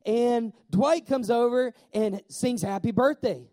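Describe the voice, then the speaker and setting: A man preaching a sermon in a lively way, asking the congregation questions and slowing down to stress key words. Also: very high voice. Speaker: pastor.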